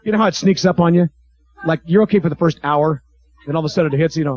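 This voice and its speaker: A man performing a stand-up routine in a comedy club, slipping into quick character voices and chatting with the crowd. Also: a little high. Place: comedy club stage with live audience. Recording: dull lo-fi 1980s club tape.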